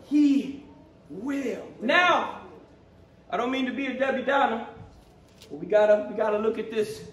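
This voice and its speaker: High-voiced preacher shouting in an echoey church. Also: male voice, moderate pace. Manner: fervent, rising to shouts, repeats phrases. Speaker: pastor. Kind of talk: sermon. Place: church sanctuary. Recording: echoey church hall from far off, congregation behind.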